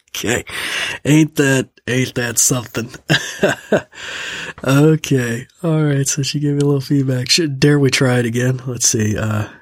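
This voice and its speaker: Man, husky voice, folksy tutorial host, chuckles, close dry studio mic. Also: mid-range voice, steady tone, unhurried, no room sound. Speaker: host of a tech training program. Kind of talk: casual spoken tutorial.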